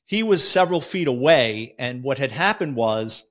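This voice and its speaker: A man with a New York accent, a former police officer telling a vivid first-person story in a conversational, halting way. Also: mid-range voice, expressive, fairly bright tone.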